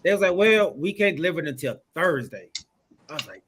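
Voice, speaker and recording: A man hosts a casual podcast and runs through his viewer shout-outs with plenty of energy. His voice sits a little above average in pitch. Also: big pitch swings, brisk, background noise. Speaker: host.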